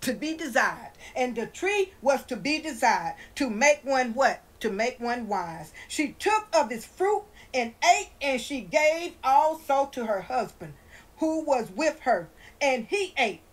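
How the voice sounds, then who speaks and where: A woman's voice: high voice, big pitch swings, a little slow, low-quality recording. Impassioned woman preaching a sermon. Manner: impassioned, asks the audience questions and answers them herself. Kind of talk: informal sermon, reading scripture.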